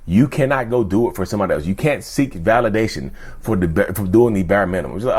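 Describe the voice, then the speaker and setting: A man hosting his channel, talking earnestly to camera in casual chat, often repeating himself and jumping up in pitch for emphasis. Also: animated, fast, few pauses, darkish tone, breathy edge. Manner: earnest, repetitive, keeps asking "you see what I'm saying"; jumps sharply up in pitch for emphasis. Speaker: YouTube channel host.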